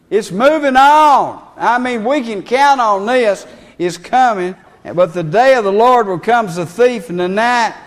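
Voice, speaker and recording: A male preacher, preaching a folksy sermon with plain grammar and scripture quotes. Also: sits high.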